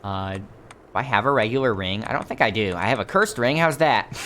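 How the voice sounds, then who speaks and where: A man's voice: fairly low pitch, expressive, a little fast, sharp tone, a little hiss or hum. A man commenting on a video game as he plays, musing aloud with wry jokes. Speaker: gaming channel host. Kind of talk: let's play commentary.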